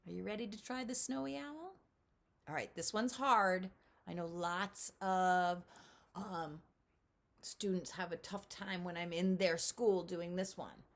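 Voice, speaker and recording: Woman, middle-aged, gravelly, friendly kids' lesson, animated, talking from home. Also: fairly low pitch, measured pace. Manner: animated, talks straight to kids, imitates owl calls. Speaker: children's author teaching at-home learners. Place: home, indoors.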